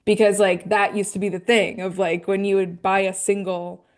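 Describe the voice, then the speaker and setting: A woman's voice: mid-range voice, flat delivery, moderate pace. A woman co-hosting a casual podcast, rambling with lots of fillers and laughing easily. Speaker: podcast co-host. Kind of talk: casual chat.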